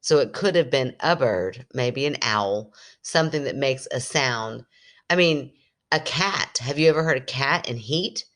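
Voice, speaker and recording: A woman's voice: extremely low pitch, lively intonation, measured pace, fairly bright tone. A woman co-hosting a podcast, chatting casually and offering skeptical, jokey explanations. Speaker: podcast co-host. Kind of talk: casual chat.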